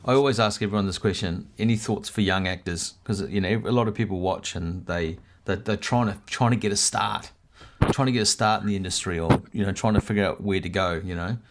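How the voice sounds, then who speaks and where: A man hosting a casual interview, relaxed and rambling, often stumbling and repeating words. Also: fairly low pitch, fairly quick, a little hiss or hum. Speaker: interview host.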